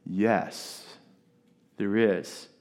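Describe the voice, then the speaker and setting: A man preaching a sermon, retelling a scripture story in a casual, animated way with asides to his listeners. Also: on the low side, extremely slow. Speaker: pastor.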